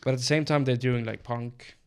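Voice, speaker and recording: Swedish man, gravelly and smooth. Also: mid-range voice, brisk. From Sweden. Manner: relaxed, thinks aloud with many ums and restarts. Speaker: podcast co-host. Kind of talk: casual chat.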